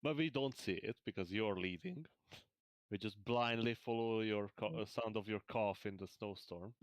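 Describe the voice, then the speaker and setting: A man's voice: on the low side, moderate pace. A man playing a tabletop game, speaking cautiously with dry jokes. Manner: cautious, joking, laughs often. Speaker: player. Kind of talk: casual tabletop play.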